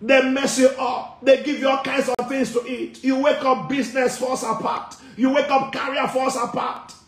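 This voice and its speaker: A pastor shouting commands and repeated declarations in a deliverance prayer, breaking into bursts of tongues. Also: male voice, extremely high pitch, level tone, moderate pace, echoey room. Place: church.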